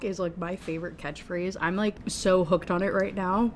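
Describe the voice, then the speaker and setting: A woman giving an animated, sarcastic rant review of a novel, swearing freely as she goes. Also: fairly low pitch, a little fast, a little hiss or hum. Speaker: book reviewer. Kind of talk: ranting book review.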